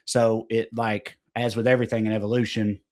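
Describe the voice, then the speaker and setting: A man's voice: on the low side, level tone, fairly quick, darkish tone. A man co-hosting a comedy podcast, explaining things in a rambling, profane, casual way. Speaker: podcast co-host.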